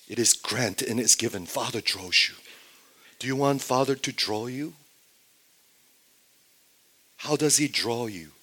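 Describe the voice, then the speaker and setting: Preacher swinging between booming and whispered. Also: male voice, animated, a little slow, pauses often. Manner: swings from loud emphatic statements to hushed whispers, repeats phrases. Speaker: pastor. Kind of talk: sermon.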